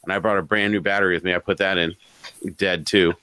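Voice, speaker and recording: Low, bright-toned man telling stories. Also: fast, smooth, dry recording. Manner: animated, profane, chuckles between phrases. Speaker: podcast co-host. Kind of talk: casual storytelling on a live podcast.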